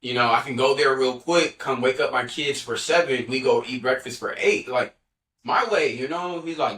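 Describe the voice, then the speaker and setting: A young man talks through his faith testimony as a podcast guest, in a bright, forceful voice at an ordinary pitch. His delivery is earnest and loose, and he keeps reaching for casual fillers as he tells his story. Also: moderate pace. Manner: earnest, loose, heavy on "you know" fillers.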